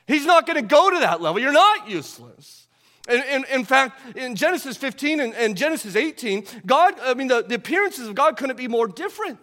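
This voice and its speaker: A man preaching with a high, light voice that rings out through a long hall reverb. He keeps asking his listeners questions and swings from loud, emphatic stretches to near-hushed ones. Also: very animated, a little fast, few pauses. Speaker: pastor. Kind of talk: sermon.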